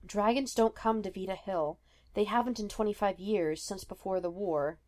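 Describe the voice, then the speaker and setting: A woman's voice: mid-range voice, normal speed, darkish tone, natural voice. Woman reading a weary, bitter young prince.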